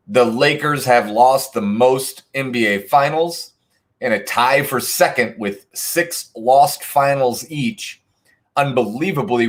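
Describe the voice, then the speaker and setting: A man hosting an online trivia night, reading answers and scores and teasing players in the chat with sarcastic banter. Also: mid-range voice. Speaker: trivia host.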